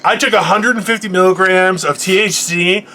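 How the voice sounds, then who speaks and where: A man's voice: high voice, fairly even intonation, moderate pace, bright, forceful tone, slight background noise. A man in his forties hosting a podcast, delivering a profane, boisterous comedic motivational rant. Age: 40s. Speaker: podcast host.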